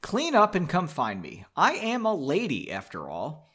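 A man voicing a composed young woman who speaks calmly and firmly. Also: a little high, slightly rough, exaggerated voice. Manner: calm, measured.

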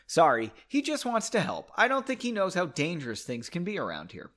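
A man voicing a calm adult woman at an inn in a storybook reading, measured and unhurried. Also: sits high, pitched above the performer's own voice, exaggerated voice.

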